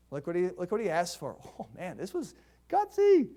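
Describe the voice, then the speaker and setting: Higher-voiced man preaching a sermon. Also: very animated, normal speed, a little mellow. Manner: conversational storytelling preacher. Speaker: pastor.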